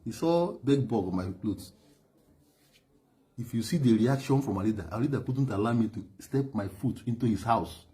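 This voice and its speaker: A man's voice: medium pitch, lively intonation, normal speed, dark tone. A middle-aged Nigerian man with a Nigerian accent giving an emphatic, repetitive personal testimony as a former driver and aide. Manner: emphatic, repetitive, laughs heavily and stammers.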